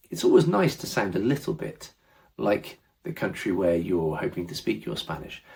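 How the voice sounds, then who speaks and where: Low-voiced man teaching Spanish casually. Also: gravelly. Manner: relaxed, reassuring, encouraging. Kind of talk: casual spoken lesson.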